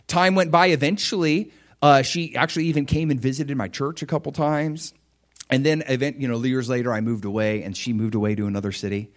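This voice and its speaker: A man preaching a sermon in a conversational storytelling way, earnest, dropping soft and low when he quotes gentle apologies. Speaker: pastor.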